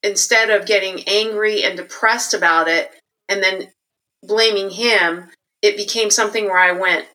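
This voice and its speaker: A middle-aged woman telling her life story candidly and reflectively, growing animated when she quotes others. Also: mid-range voice, moderate pace, rough recording. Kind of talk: personal storytelling interview.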